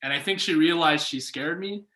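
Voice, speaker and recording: A young man telling a story in casual conversation, lively and acting out what people said. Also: on the high side, normal speed. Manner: animated, acts out quoted voices. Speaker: guest. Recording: echoey room.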